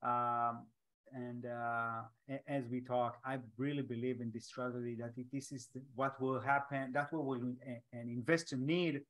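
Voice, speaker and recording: A podcast host with an Israeli accent talks over a video call. He is a man whose first language is Hebrew, and his English comes in halting bits with restarts and odd grammar. His voice sits at a middle pitch. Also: flat delivery, fairly bright tone. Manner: halting, restarts often, non-native grammar.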